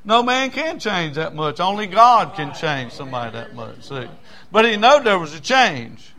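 A man preaching a sermon in a dramatic, folksy way, swinging between loud outbursts and low murmurs. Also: very animated, moderate pace. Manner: folksy, with many fillers and restarts.

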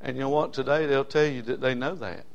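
A middle-aged man preaching a sermon. He calls out to his congregation for amens and swings between loud and soft delivery. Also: mid-range voice, fairly even intonation, fast talker, gravelly, lo-fi sound.

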